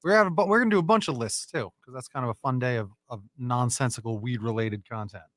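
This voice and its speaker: A man's voice: mid-range voice, fast, fairly bright tone, dry recording. A man co-hosting a radio show in a studio, laughing and chiming in. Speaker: radio co-host. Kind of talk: morning radio banter.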